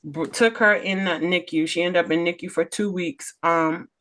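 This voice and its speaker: A middle-aged woman, a nurse and business owner, telling stories on a podcast in an emphatic, animated way and acting out the dialogue. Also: on the low side, moderate pace. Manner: emphatic, animated storyteller who acts out dialogue. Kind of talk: casual storytelling interview.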